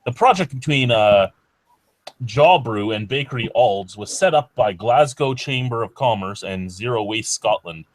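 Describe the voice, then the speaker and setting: A man's voice: medium pitch, lively intonation, normal speed. A man hosting a podcast, reading beer news in a casual, profane, offhand way. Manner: profane, offhand, drawling delivery. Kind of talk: casual chat.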